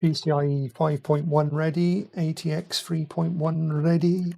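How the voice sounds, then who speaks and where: Quiet muttering man, gravelly. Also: fairly high pitch, little pitch movement, a little slow, no echo, clean studio sound. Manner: muttering to himself, quiet and rambling. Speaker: streamer building a PC. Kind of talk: casual live-stream chat while working.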